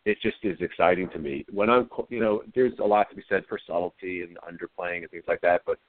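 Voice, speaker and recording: A deep-voiced, middle-aged actor answers interview questions casually and at a quick pace, low-key and hesitant, often restarting sentences as he thinks. The sound is dry and tinny, phone-like, with no room sound.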